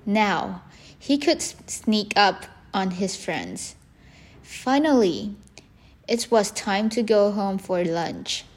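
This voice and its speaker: A woman reads a children's story aloud, gently and with great care. She takes her time over every phrase, keeping her pitch mid-range and even. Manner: slow, gentle, careful reading.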